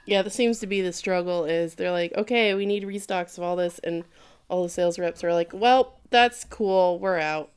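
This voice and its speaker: A woman co-hosting a casual podcast recaps an anime, animatedly acting out the characters' lines. Her voice is fairly low, a little fast, clear and resonant.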